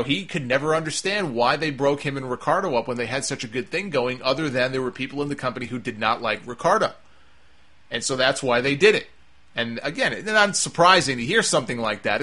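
Bright-voiced opinionated man, casual talk. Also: mid-range voice. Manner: opinionated, emphatic, rambling with restarts. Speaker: wrestling commentator.

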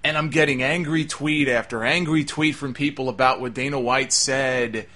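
A man's voice: medium pitch, steady tone, normal speed, bright, forceful tone. A man hosting a talk show, delivering an emphatic, exasperated opinion monologue. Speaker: wrestling talk show host.

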